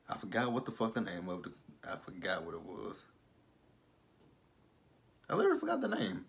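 A man's voice: deep voice, brisk, creaky, pauses often. A man recapping and reviewing a TV drama episode in a casual, blunt, sarcastic way, swearing freely and slipping into mock quotes. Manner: lively, slips into mock quotes.

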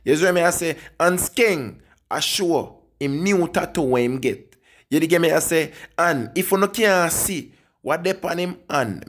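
A man with a Jamaican accent gives casual commentary for his own entertainment channel. He keeps looping back to "you see me, I say," and his pitch jumps up often as he makes his points.

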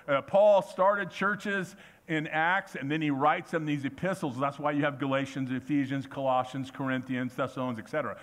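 Man, pastor, sermon, animated delivery, higher-pitched voice, acts out quotes. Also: normal speed. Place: church.

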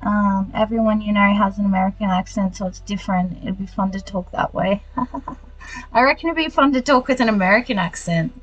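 An Australian woman playing a video game on a live stream, talking to her chat at a mid-range pitch. She mutters about her moves and laughs easily, with soft game music playing faintly behind her. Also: brisk, muffled recording. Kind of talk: casual gameplay chat with live viewers.

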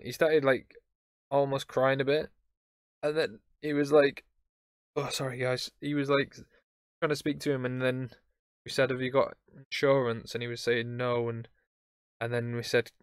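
A young man tells a messy travel story on his podcast, rambling through it with fillers and restarts. His voice is smooth and clear, recorded close and dry. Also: mid-range voice, flat delivery, normal speed, no echo. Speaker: podcast host. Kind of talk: casual storytelling.

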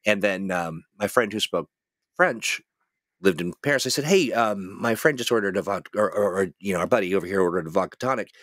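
Male host, lowish voice, dry close sound; chatty, laughs a lot. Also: brisk, dry recording. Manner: laughing often, animated, rambling. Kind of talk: casual livestream chat.

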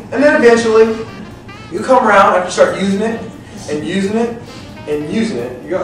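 A man in his thirties giving a leadership seminar talk as a motivational speaker, animated, acting out little scenes and laughing often. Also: sits high, quick pace. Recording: echoey hall from far off, faint music.

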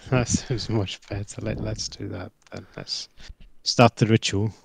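Gravelly slow-talking man player. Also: lowish voice, steady tone, a little hiss or hum. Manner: laughing, playful. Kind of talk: tabletop role-play.

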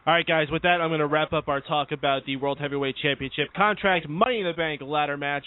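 Fast-talking host on a phone line. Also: male voice, a little high. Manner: brisk, moderating. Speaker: podcast host. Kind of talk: casual radio chat.

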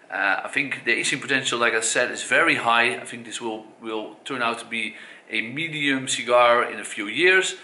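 A man's voice: mid-range voice, sharp tone. A man with a Dutch accent giving a casual spoken review, hesitant with many fillers and self-corrections. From Netherlands. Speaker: cigar reviewer. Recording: echoey room.

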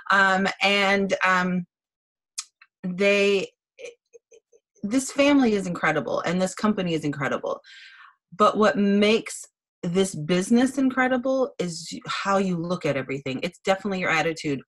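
A woman's voice: medium pitch, animated, normal speed, a bit bright, poor audio. A chatty, bubbly woman giving a blunt training talk as a team director on a video call. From Wisconsin, USA.

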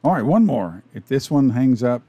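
A man's voice: mid-range voice, very animated, moderate pace, mellow, no room sound. A man from Arkansas with a Southern accent, giving playful, jokey commentary as the host of his gaming channel. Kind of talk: casual gameplay commentary.

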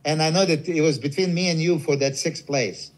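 Fairly high-voiced guy, telling a story all excited. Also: a little fast, low-quality recording. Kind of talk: casual chat.

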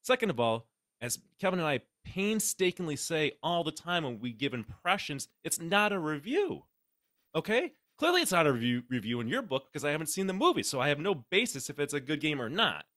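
A man's voice: on the high side, a little fast, dry recording, clean studio sound. A man hosting a podcast, ranting sarcastically and swearing in casual chat. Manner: sarcastic, animated ranting with lots of profanity. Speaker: podcast host.

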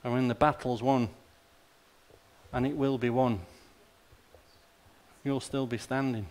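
Pastor preaching conversationally. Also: male voice, medium pitch, flat delivery, takes it slowly, a little mellow. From Australia. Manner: conversational preaching with rhetorical questions and asides. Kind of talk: sermon.

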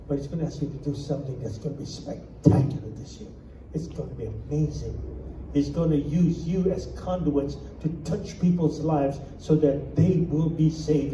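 An animated male pastor preaches in a large, echoey church, his dark, mellow voice caught from some distance by the mic. The sound is a little dull, with a faint room hum behind him. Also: a little high. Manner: animated preaching with jokes and scripture readings. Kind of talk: sermon. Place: church sanctuary.

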